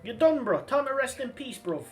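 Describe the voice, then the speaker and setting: A cocky young street lad fires off clipped, jeering slang taunts, as a man puts him on. The voice rides up high and punchy. It sounds a touch distant from the mic, with game music faintly behind. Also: very animated, normal speed. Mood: taunting.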